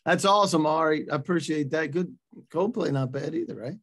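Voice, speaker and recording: A man hosting a webinar in a casual, upbeat way, reading out audience messages with quick asides over a video call. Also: fairly high pitch, lively intonation, fairly bright tone. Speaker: webinar host.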